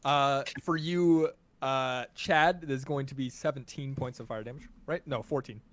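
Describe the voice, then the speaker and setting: A man's voice: medium pitch, steady tone, a little slow. A man running a tabletop game as game master, laid-back and often chuckling as he talks through the rules.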